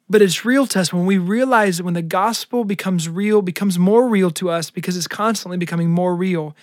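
A man's voice: high voice, normal speed, dry recording, clean studio sound. A man co-hosting a devotional podcast, speaking earnestly and searching for words. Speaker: podcast co-host.

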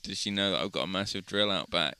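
A man's voice: deep voice, quick pace, pushed and bright, clean tone. A young man co-hosting a casual podcast, telling jokey stories and swearing casually. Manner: joking storyteller, swears casually. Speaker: podcast co-host. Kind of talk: casual chat.

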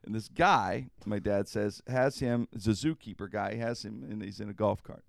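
A man's voice: lowish voice, moderate pace, vocal fry, dry recording, studio quality. A man hosting a radio talk show, telling a story with lots of laughter and drawling "man". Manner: animated, laughing through his stories, drawls "man". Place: radio studio.

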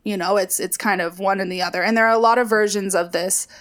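A woman's voice: mid-range voice, steady tone, quick pace, a bit bright. A woman co-hosting a podcast, explaining a poem in a conversational, explanatory way. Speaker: podcast co-host. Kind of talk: casual literary discussion.

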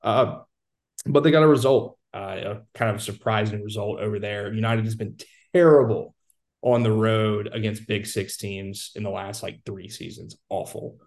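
A man's voice: lowish voice, moderate pace, a little mellow. A man on a casual sports chat, confidently breaking down how the league is going. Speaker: soccer analyst guest.

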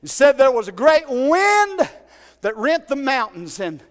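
A man preaching a fervent Pentecostal sermon in a church, building to shouts. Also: very high-pitched, very animated, a little slow, in a large hall. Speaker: pastor. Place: church sanctuary.

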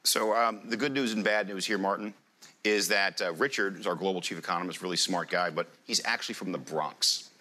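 A man's voice: low voice, a little fast. A man giving a live presentation to an audience, joking and quizzing the room as he talks. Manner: jokey, lively presenter. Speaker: conference speaker.

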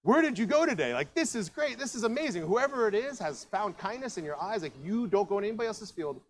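A man voicing an excited older woman, a delighted mother-in-law, in a squealing, breathless voice during a sermon. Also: high-pitched, quick pace, voice pushed up. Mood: thrilled.

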